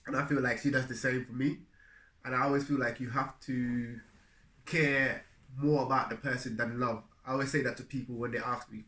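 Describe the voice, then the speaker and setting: A man with a bright, forceful voice speaks earnestly and reflectively about marriage, laughing easily as he talks. The room around him is echoey. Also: mid-range voice, level tone, a little fast. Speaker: husband co-hosting a marriage video. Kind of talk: casual chat.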